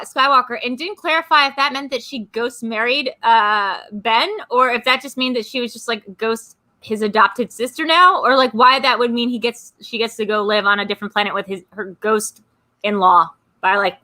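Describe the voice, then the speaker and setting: A woman hosting a live stream, chatting casually and ranting in quick asides. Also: a little high, sharp tone. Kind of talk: casual chat.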